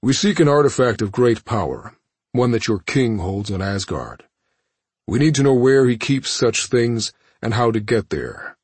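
A man voicing a cold, calculating alien warlord who speaks in measured, condescending phrases. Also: medium pitch, very animated, husky, dry recording, pitched above the performer's own voice.

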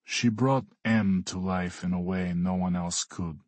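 A man voicing a bored, blunt male billionaire in an audiobook, speaking flatly and without interest. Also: no echo. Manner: flat, unimpressed, slow and low. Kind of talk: audiobook character voice.

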